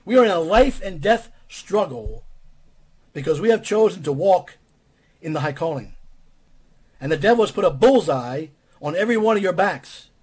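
A man's voice: sits high, lively intonation, normal speed, pauses often, darkish tone, breathy edge. A man preaching a sermon in a blunt, emphatic way, repeating phrases for stress.

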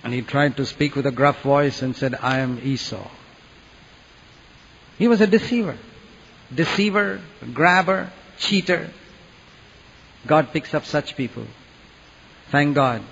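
A man preaching a sermon with earnest, dramatic swings from hushed to loud. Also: a little high, lively intonation, measured pace, vocal fry, long pauses, husky. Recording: dull echoey hall recording.

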